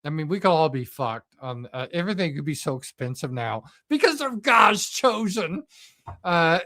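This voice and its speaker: A man's voice: fairly high pitch, big pitch swings, moderate pace, pushed and bright. A middle-aged man hosting a live political commentary stream, speaking off the cuff in a profane, sarcastic and mocking way with frequent fillers.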